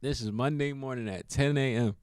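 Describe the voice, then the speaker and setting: A man's voice: mid-range voice, a little fast, no echo, studio quality. A young man telling a funny personal story in a casual vlog, laughing often and acting out what people said. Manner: animated, laughs often, acts out quotes.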